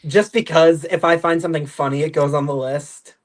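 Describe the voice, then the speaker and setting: Deadpan joking man on a video call. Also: a little high, a little fast. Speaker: robot combat team member. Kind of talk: casual livestream chat.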